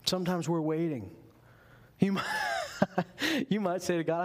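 A man with a high voice preaches a sermon. He talks to the room directly and leans hard on key phrases, like a pastor at the pulpit. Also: unhurried. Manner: emphatic, conversational preaching.

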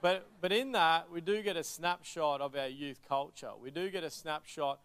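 An Australian man giving an energetic, joking talk to an audience, full of anecdotes. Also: fairly high pitch, normal speed, clean tone. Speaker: charity speaker.

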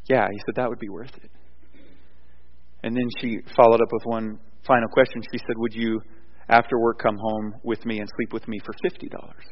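A man preaching a sermon, moving between loud emphatic points and quiet, rambling storytelling with frequent restarts. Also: lowish voice. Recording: dull sound with long hall reverb.

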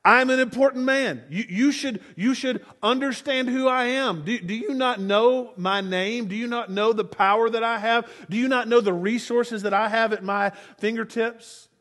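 A man's voice: high voice, moderate pace, fairly bright tone. A man voicing a proud foreign army commander who rants in a huffy, self-important way. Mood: indignant.

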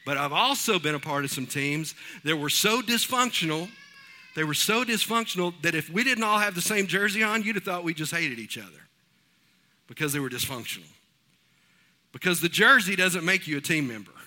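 Bright-voiced pastor preaching. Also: male voice, on the high side, a little fast. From East Texas. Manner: folksy storytelling, animated. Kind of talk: sermon.

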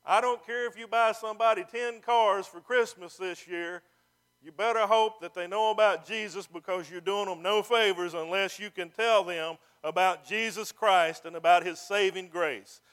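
A pastor preaches in a high, ringing voice. He builds phrases into emphatic calls and slows down to stress the words that matter. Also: a bit bright. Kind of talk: sermon.

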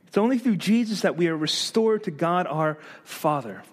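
A man with a notably high voice preaches a sermon from the pulpit. He delivers it with animated energy, asking rhetorical questions and mixing in light humor. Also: normal speed. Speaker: pastor.

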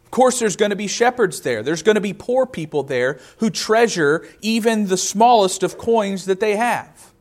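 This thirties-aged pastor has a high, expressive voice and keeps a moderate pace. His sermon feels like a conversation, carried along by stories from his own life.

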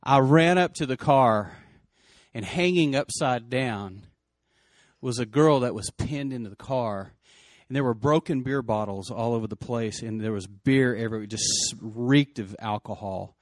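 A middle-aged man telling a personal story, earnest and emotional, surging and then dropping to a hush. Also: mid-range voice, no room sound, clean studio sound. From West Texas. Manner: earnest, emotional, quick surges and hushed drops.

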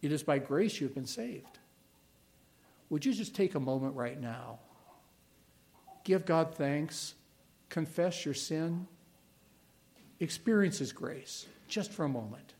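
Middle-aged man, pastor preaching, earnest, emphatic, slightly high voice. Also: lively intonation, creaky, a little mellow. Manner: earnest, emphatic preaching with pauses and repeated words. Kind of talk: sermon.

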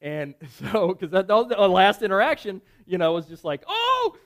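A man preaching a sermon, telling a personal story conversationally, with self-deprecating asides and lively acted-out dialogue. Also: sits high, normal speed. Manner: animated, acts out dialogue in shifting voices. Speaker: pastor.

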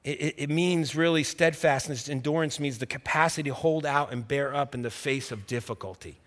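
Middle-aged pastor guy preaching, tells stories then gets loud, voice rings in a big hall. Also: medium pitch, a little fast. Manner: storytelling, acts out quoted dialogue, builds to loud preaching. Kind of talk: sermon.

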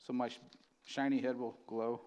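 A man preaching a sermon in a church, reading scripture slowly and building to loud, emphatic bursts. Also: mid-range voice, flat delivery, clear, resonant tone. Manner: slows to read scripture aloud. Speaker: pastor. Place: church sanctuary.

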